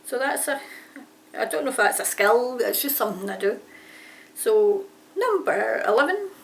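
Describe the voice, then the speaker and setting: Speaking at a moderate pace, this woman has a slightly high, gravelly voice with a sing-song lilt. As an aspiring author answering a tag, she rambles casually about her writing and keeps correcting herself partway through sentences. Passing trains are audible, since her home sits near a railway line.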